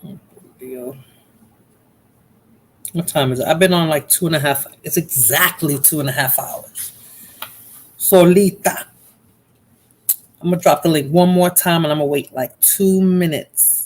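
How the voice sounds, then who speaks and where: A woman's voice: deep voice, normal speed, darkish tone, a little hiss or hum, low-quality recording. A woman hosting a casual livestream, chatting to viewers in chat by name in a drowsy, rambling way. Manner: drowsy, rambling with fillers and restarts. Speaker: livestream host.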